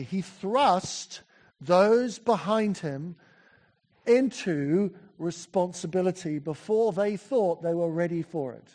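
Guy preaching in church, lively and chatty, goes off on asides. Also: high-pitched. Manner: chatty and animated, with asides and self-corrections. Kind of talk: sermon.

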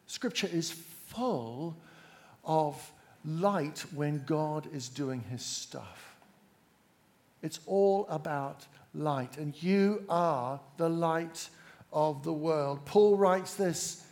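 Slow-speaking preacher, man. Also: on the high side, vocal fry. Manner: measured, emphatic, draws in the congregation. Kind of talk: sermon.

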